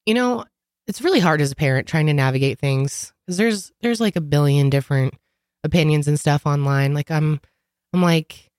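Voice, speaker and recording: A woman's voice: low-pitched, no echo, studio quality. A woman co-hosting a casual podcast chat, congested with a sore throat, rambling with lots of fillers. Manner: rambling, filler-heavy, laughs often. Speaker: podcast co-host.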